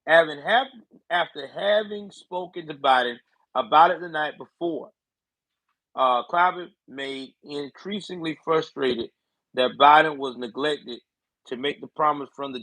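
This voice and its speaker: Male livestream commentator, sarcastic, profane, slightly high, husky. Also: a little slow, a bit bright, no echo, poor audio. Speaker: political commentary host.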